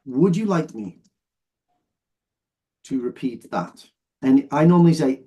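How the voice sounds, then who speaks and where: A man's voice: mid-range voice, expressive, takes it slowly, dark tone. A man teaching an English exam lesson, explaining patiently and often checking that his students follow. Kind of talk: online lesson, explaining while sorting phrases.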